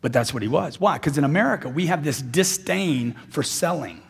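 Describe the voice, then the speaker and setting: A man with a high, husky voice works a crowd at a sales seminar, driving each point home with emphatic repetition. His voice rings out with a long reverb trail, as if it fills a big hall. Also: lively intonation, fairly quick. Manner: intense, emphatic, repeats phrases for punch. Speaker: motivational sales speaker. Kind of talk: live seminar speech.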